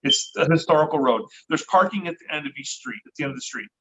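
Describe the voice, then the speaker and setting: A middle-aged man with a voice a touch high for a man tells a story in a loose, animated way. He acts out the voices he quotes and swears now and then. The recording sounds dull and lo-fi. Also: quick pace, breathy edge. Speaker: podcast guest. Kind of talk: casual storytelling.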